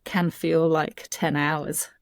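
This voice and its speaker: An Australian woman talks in a warm, empathetic, conversational way as a podcast co-host. Her voice sits a little low. The recording is close and dry. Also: flat delivery, takes it slowly, dry recording. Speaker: podcast co-host, sleep practitioner. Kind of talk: advice chat.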